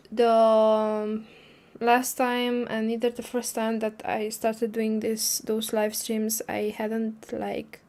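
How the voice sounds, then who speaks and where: A woman's voice: fairly high pitch, a little mellow. A woman hosting a casual livestream, talking hesitantly with many fillers and restarts while recovering from a cold. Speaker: livestream host. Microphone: streaming microphone.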